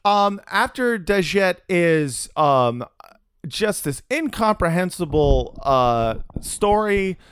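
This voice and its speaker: A man hosts a comedy podcast in a high, very lively voice that swings up and down. He riffs and laughs freely and slips into voices. The sound is close and dry. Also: clear, resonant tone, no room sound. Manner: animated, laughing, quick to riff and do voices. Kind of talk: casual podcast chat.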